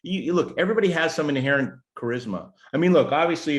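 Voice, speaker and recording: Middle-aged American man, guest strategist, animated, joking, loose filler-heavy chat. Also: mid-range voice, fast. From United States. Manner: animated, jokey, many fillers and restarts. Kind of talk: casual interview chat.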